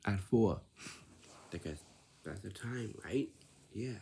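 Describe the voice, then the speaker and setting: A man's voice: on the low side, expressive, slow, vocal fry, mellow, slight background noise. A man giving a repetitive, lecturing instructional talk, often checking in with "right?".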